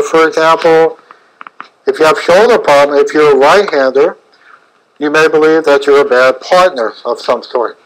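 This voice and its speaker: A man's voice: fairly high pitch, fairly bright tone, low-quality recording. A middle-aged man with a slightly raised voice talks through a webinar lecture. He speaks in short, broken phrases, stopping often with fillers before pressing on. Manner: halting, fragmented phrasing with frequent fillers. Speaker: chiropractor presenting a webinar.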